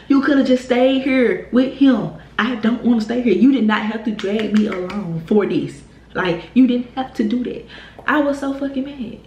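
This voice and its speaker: Young woman, animated storytime, roomy echo, faint hiss. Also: on the high side, normal speed, highs cut off. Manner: animated, heated retelling with profanity and laughs. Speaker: YouTube storyteller. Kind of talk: casual storytime vlog. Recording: echoey room with faint noise.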